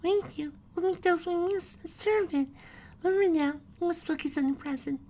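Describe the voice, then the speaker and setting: A woman voicing a sweet little filly pony who comforts her brother, in a very high childlike voice. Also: normal speed, slight background noise. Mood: comforting. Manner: gentle and comforting.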